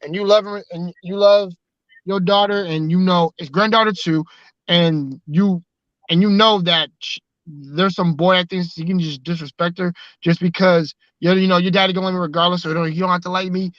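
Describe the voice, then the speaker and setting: A man with a high-pitched voice joins a casual panel chat and talks with emphatic, swaggering bravado. The sound is dry and a little dull, with no room around it. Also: steady tone, normal speed, a bit bright, no room sound. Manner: emphatic, keeps saying "trust me", threatening bravado. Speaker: guest.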